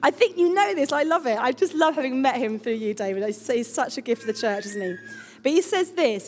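A woman pastor preaching a lively, chatty sermon with emphatic asides. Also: sits high, brisk, a little hiss or hum.

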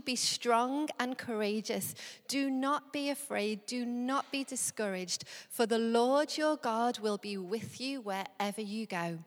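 A young woman giving an earnest, measured sermon, slowing down as she reads scripture. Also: fairly high pitch. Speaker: preacher. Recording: long hall reverb.

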